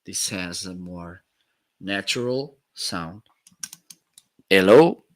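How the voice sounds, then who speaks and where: A man's voice: deep voice, drawn-out words, no echo. A man hosting a casual live-stream product demo, chatting and testing microphones aloud with counts and laughs. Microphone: swapping between studio microphones.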